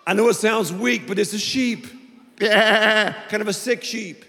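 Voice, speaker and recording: A male pastor preaching a playful, animated sermon to a family audience, repeating phrases for emphasis. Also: sits high, a little slow, gravelly. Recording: long reverb of a large hall.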